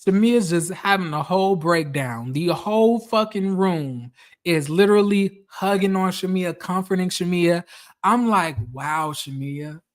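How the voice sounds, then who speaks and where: A woman's voice: lowish voice, measured pace. A woman giving casual, profane reality TV commentary, blunt and repeating phrases for emphasis.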